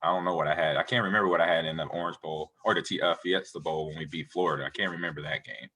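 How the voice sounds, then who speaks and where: A man in his forties, a retired football player, telling animated, rambling stories as a guest in a casual interview. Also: low voice, very fast. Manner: animated, rambling storyteller who acts out quotes.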